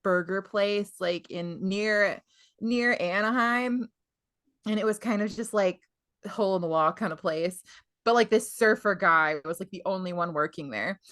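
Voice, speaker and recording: A woman from Texas chats on a book-club podcast, quick to react and quick to giggle. Her voice is mid-pitched. The recording is dry with no room sound. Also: fairly bright tone, dry recording. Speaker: podcast co-host.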